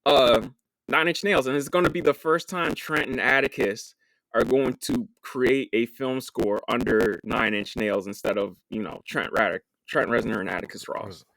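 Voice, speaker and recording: Laid-back dude cracking jokes on a movie podcast, mid pitch, dry close mic. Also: male voice, steady tone, moderate pace, creaky, fairly bright tone, dry recording. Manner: joking, profane, laughs often. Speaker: podcast co-host. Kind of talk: casual film podcast banter.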